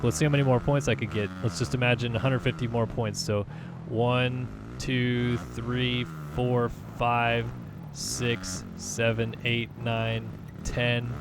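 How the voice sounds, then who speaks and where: Brief: easygoing male gaming host, mid-pitched, casual play-by-play, noisy background. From California. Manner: laid-back, chatty, thinks aloud with fillers. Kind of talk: casual gameplay commentary.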